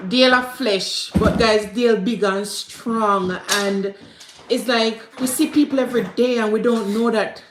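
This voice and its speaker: Woman, 30s, Jamaican accent, higher register, heartfelt vlog storytelling, echoey room. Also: slight background noise. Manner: heartfelt, tearful, repeats herself, mixes in patois. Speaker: vlogger. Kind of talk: emotional personal storytelling.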